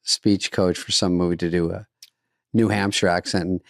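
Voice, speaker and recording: A man's voice: low-pitched, level tone, moderate pace, vocal fry, dry recording. A man co-hosting a podcast in casual chat, dry and offhand with wry asides. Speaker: podcast co-host.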